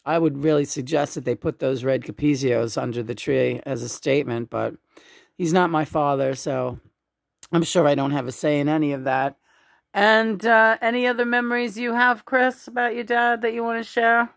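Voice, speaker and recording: A woman's voice: deep voice, moderate pace, creaky. A woman telling casual family stories at a home memorial in a rambling way, with many fillers and restarts. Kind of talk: casual storytelling.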